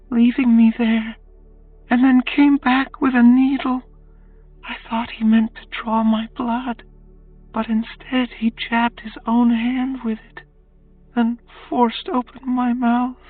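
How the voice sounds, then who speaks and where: A woman voicing a haunted young captive. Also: a little high. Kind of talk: audiobook character voice. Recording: distant tinny phone-like sound, faint music.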